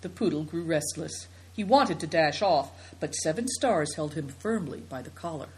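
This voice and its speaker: A woman narrating a children's novel as an audiobook, in an expressive storytelling manner. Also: deep voice, normal speed, low-quality recording.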